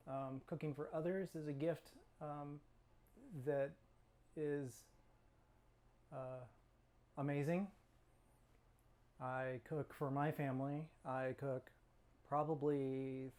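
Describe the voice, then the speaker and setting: A man's voice: fairly high pitch, mellow. A middle-aged man from California, hosting his own cooking channel in a chatty, rambling way with self-mocking jokes, sometimes talking while he eats. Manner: talks while eating. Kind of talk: casual cooking vlog.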